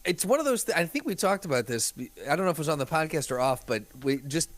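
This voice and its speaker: A man's voice: fairly high pitch, animated, fast. A man co-hosting a podcast who chats casually, reacting to stories and cracking jokes. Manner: reactive, joking listener. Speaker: podcast co-host. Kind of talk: casual chat.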